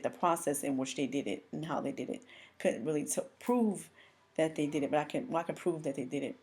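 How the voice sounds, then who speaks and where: A woman with a low voice tells her own religious testimony. She speaks earnestly and with feeling, breaking off and starting sentences over again and again. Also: darkish tone. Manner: halting, full of restarts and pauses; earnest and emotional. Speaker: person giving a testimony.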